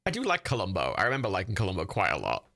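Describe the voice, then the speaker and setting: Man, livestream host, animated swooping voice, casual swearing chatter. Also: low-pitched, very fast, creaky. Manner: chatty, rambling, swears freely, laughs often. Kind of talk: casual watch-party commentary.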